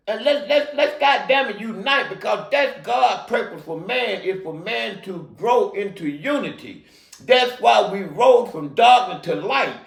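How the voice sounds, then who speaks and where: A man's voice: high-pitched, vocal fry, a bit bright, reverberant. A man in his sixties, a talk show host, delivering a profane, rambling, preachy monologue. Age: middle-aged or older. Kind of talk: unscripted monologue.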